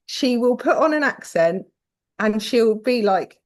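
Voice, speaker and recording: A woman's voice: fairly high pitch, unhurried. Frank, swearing British woman. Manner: frank and swears casually, acts out quoted voices. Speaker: podcast guest. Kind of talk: candid conversational storytelling.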